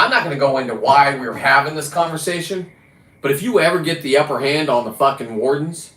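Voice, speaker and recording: A man hosting a livestream, ranting casually and combatively with a lot of swearing, his pitch and volume jumping around. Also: sharp tone, echoey room, poor audio. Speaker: livestream host. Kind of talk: casual profane rant.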